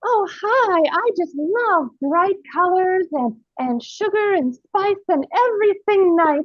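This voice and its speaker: Saccharine sing-song girl, a woman putting it on, very high, lo-fi sound. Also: expressive, slow pace, dry recording, heavily acted. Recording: dull lo-fi dry audio.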